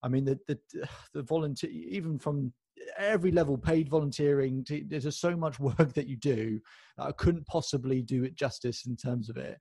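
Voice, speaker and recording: Husky-voiced man asking rambling questions. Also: medium pitch, normal speed, dark tone, no room sound. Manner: rambling, enthusiastic questions with many restarts. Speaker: podcast host. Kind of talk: podcast interview.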